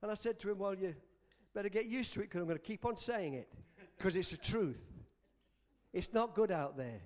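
A man's voice: high voice, fast, darkish tone. A male pastor preaching a sermon in an emphatic style, repeating lines for stress.

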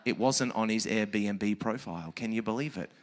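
A man preaching a sermon as a personal story, animated, swinging from hushed asides to shouted peaks. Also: on the low side, moderate pace.

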